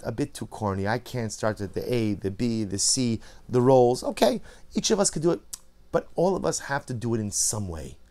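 A man teaching a Torah class, moving from quiet reflection to loud emphatic repetition. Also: medium pitch.

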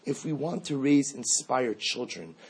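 A man's voice: mid-range voice, animated, unhurried, a little hiss or hum. A man teaching a class, reading a passage aloud in short bursts, then explaining it with earnest repetition. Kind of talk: text study lecture, reading and translating.

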